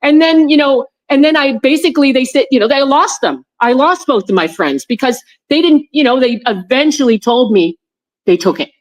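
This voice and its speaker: Over a video call, a female interview guest with a high-sitting voice talks at a moderate pace. Her personal story wanders, full of restarts and repeated words, and she livens up whenever she quotes her friends.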